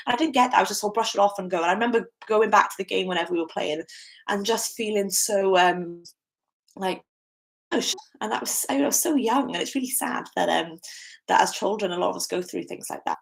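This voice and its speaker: A woman's voice: mid-range voice, fairly quick, gravelly. A young British woman giving a candid, chatty solo podcast talk, with frequent fillers and restarts. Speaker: podcast host.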